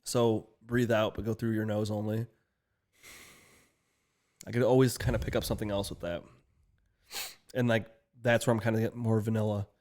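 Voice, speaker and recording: A man's voice: on the low side, little pitch movement, normal speed, pauses often, a little mellow. A man co-hosting a casual tasting chat, joking and laughing often, with a stuffed-up nose. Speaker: podcast co-host.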